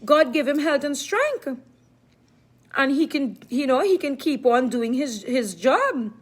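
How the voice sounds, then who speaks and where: A woman's voice: high-pitched, animated, a little slow. A middle-aged woman talking casually to her viewers in an emphatic, repetitive way, often speaking of herself in the third person. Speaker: live-stream vlogger.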